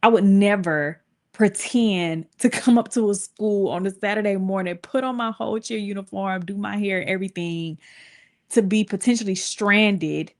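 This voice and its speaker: A young woman tells a story to her viewers in a loose, chatty way, full of "like" and quick asides. When she quotes people, her voice leaps up and down in pitch, so the telling sounds animated and theatrical. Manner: animated, acts out quotes with big pitch jumps. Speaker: vlogger. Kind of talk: casual storytime monologue.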